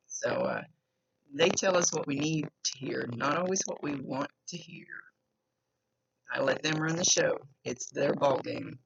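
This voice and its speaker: A woman's voice: sits low, vocal fry. A woman psychic medium talking casually in a chatty, rambling way during a reading. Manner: chatty, rambling, laughs often. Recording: lo-fi with faint noise.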